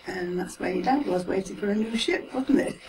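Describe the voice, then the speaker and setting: Speaking at a normal pace in an expressive, medium-pitched voice, a woman in her seventies from Manchester, England shares casual recollections of her life as an interviewee. Her Mancunian accent comes through as she chats away, laughs frequently and lets lines tail off softly. The audio is a hissy home recording with the mic far away.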